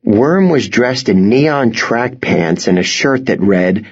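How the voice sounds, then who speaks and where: A man narrating an audiobook in a slow, measured way, with a husky voice. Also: fairly low pitch, animated, darkish tone, dull audio.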